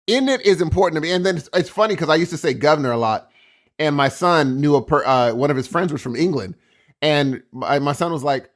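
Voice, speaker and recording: A middle-aged man co-hosts a casual podcast. His voice sits a little high and swings widely in pitch. He tells stories in quick, animated bursts. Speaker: podcast co-host. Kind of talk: casual chat.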